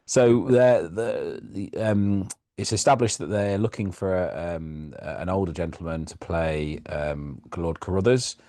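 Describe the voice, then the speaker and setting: Casting: deep, mellow-toned man, relaxed podcast co-host, dry close mic. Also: a little slow, few pauses, dry recording. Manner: chatty, laughs often, trails off with fillers. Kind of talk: casual chat reviewing a sitcom episode.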